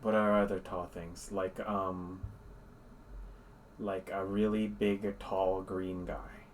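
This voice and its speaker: A man's voice: low voice, little pitch movement, slow, slight background noise. A man voicing a naive, childlike male clone of a hero, earnest and dim-witted, in a tabletop game.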